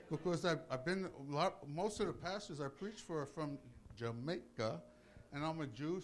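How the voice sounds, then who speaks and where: A man preaching with jokes to a congregation, hoarse from bronchitis, playful and bursting into loud exclamations. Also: a little high, lively intonation, moderate pace. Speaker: pastor. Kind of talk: sermon with jokes. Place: church before a congregation.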